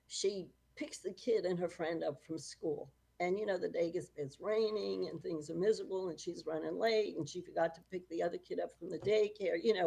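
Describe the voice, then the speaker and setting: A middle-aged woman author recounts stories in a relaxed interview. Her voice is dark and mellow, with a gravelly fry and a husky edge, and she breaks into frequent laughter. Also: on the low side. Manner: lively storyteller, laughs often. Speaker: author, guest. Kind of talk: casual storytelling interview.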